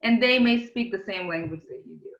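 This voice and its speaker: A woman's voice: mid-range voice, fairly quick, highs cut off. Reflective woman with a non-native English accent. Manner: reflective, earnest, many hesitant "um"s and restarts. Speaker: podcast guest, company CEO. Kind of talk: casual interview conversation. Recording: roomy echoey sound.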